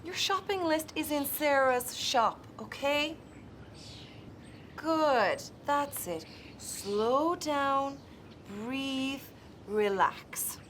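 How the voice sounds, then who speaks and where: An exasperated, high-pitched psychic. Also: female voice, expressive, drawn-out words, fairly bright tone, slight background noise, heavily acted. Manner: exasperated, impatient. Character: tense female painter turned harried psychic. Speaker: sketch character. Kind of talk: comic TV sketch acting.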